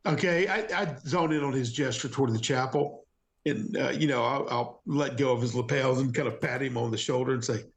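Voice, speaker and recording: A man playing in a tabletop role-play game, describing his moves with excited restarts. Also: mid-range voice, fairly quick, vocal fry, a little hiss or hum. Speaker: player.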